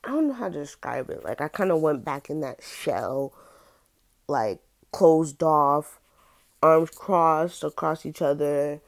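A young woman telling a personal story in a casual, halting way, full of fillers and restarts. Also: low-pitched, lively intonation, gravelly.

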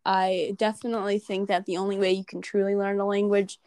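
A teenage girl in casual chat, telling animated stories with laughter. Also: mid-range voice, brisk, slight background noise. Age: teens. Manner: chatty, animated, laughing storyteller.

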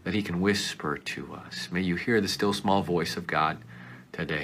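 A male pastor preaching a sermon earnestly, swinging between loud pleading passages and hushed whispers. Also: low-pitched, normal speed, a little hiss or hum.

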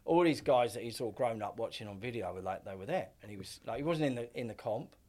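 A middle-aged man with a mid-range, darkish voice tells stories as a podcast guest, fast and animated. His casual chat rambles, heavy with filler words, and he swears freely.

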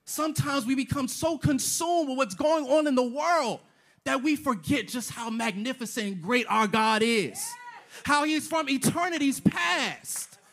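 A man's voice: extremely high pitch, animated, a little slow, fairly bright tone. A pastor preaching a sermon, emphatic and repetitive, firing off rhetorical questions and slipping casual slang into his preaching.

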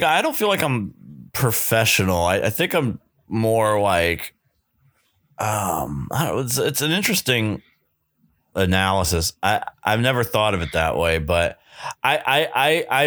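A man co-hosting a podcast in casual chat, halting with many restarts and self-deprecating asides. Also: deep voice, fairly bright tone, no room sound, clean studio sound. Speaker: podcast co-host.

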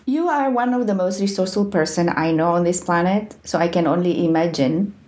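A woman's voice: lowish voice, fairly quick, a little mellow, echoey room. A woman interviewer asking questions and offering short encouraging replies. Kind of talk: conversational interviewing.

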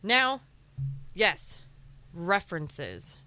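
Bright-voiced joking young woman. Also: fairly low pitch, extremely slow, slight background noise. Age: 20s. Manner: animated, repetitive, jokey. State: hungover. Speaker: podcast co-host. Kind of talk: casual chat.

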